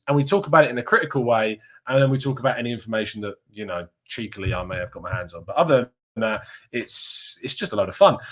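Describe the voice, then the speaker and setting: Young man, from Kent, southeast English accent, casual live-stream host, reads chat comments, laughs a lot, mid-pitched voice. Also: a bit bright. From Kent, England. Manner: chatty, laughs often, reads comments aloud. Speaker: fan channel host reading live chat.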